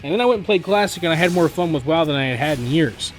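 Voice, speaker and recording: A man's voice: animated, faint music behind. A young man rambling casually to his viewers, with many fillers and restarts. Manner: mimics other players in quick high voices. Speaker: gaming YouTuber. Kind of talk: casual spoken monologue.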